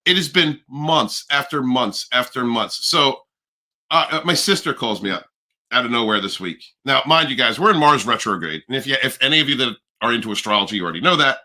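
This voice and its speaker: A man hosting a casual livestream chat, animated and profane, rambling with restarts. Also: mid-range voice, fairly quick. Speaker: livestream host.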